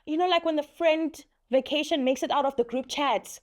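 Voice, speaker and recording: Young woman, high voice, casual story time, animated, laughs often. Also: fairly quick, few pauses. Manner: animated, laughing, acts out quotes. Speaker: vlogger.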